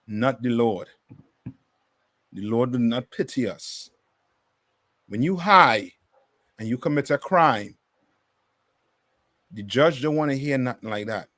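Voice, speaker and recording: A man's voice: mid-range voice, expressive, slow, long pauses, fairly bright tone, dry recording. A man teaching a bible class in a preaching style, emphatic and full of rhetorical questions.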